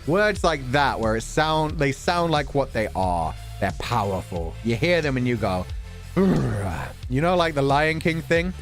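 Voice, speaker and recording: Man, streamer, casual chat, playful, swears casually, very expressive pitch, faint background music. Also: moderate pace, hardly any pauses. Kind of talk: casual chat and reading donations.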